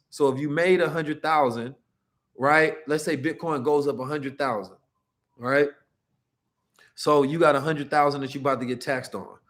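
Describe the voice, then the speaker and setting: A man's voice: a little high, fairly bright tone. A man hosting a casual finance livestream, reading the chat and often tagging his points with "right?" and "you understand me?". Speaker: livestream host teaching finance.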